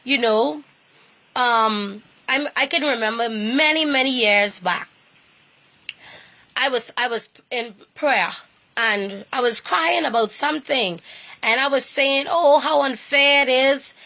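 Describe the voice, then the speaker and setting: A woman's voice: fairly high pitch, bright, forceful tone. A woman giving an earnest personal talk on faith, repeating herself and restarting phrases as she goes. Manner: earnest and repetitive, with halting restarts. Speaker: inspirational speaker.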